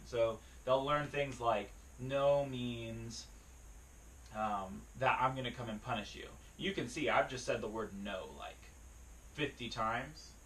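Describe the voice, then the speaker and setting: A man explaining a dog-training skill to the camera in a relaxed way, with plenty of fillers and restarts. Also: medium pitch, recorded from a distance, slight background noise, poor audio. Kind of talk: casual spoken lesson to camera. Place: beside his dog, speaking to a camera.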